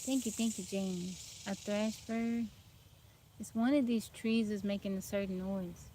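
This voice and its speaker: A woman's voice: medium pitch, measured pace. Woman host, outdoor phone livestream, laid-back chat greeting viewers, sleepy, bugs buzzing behind her. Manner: relaxed, greets viewers by name. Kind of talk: casual live stream chat. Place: outdoors among trees. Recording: outdoor phone stream with bug noise. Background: insects and outdoor ambience.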